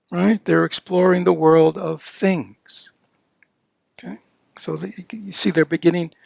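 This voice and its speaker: This older dharma teacher has a fairly high voice with vocal fry and no echo. Giving a Buddhist talk at a retreat, he keeps things conversational with frequent "you know" and "right?" and occasionally voices playful baby-talk examples.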